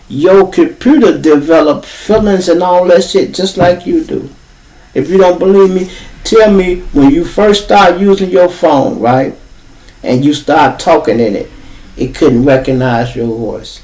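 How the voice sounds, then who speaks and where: A man whose voice sits on the high side speaks at a measured pace, captured by a distant mic in a rough recording. Hosting a podcast in a Chicago accent, he tells a story as a loose, cursing monologue, lively as he acts out the voices he quotes.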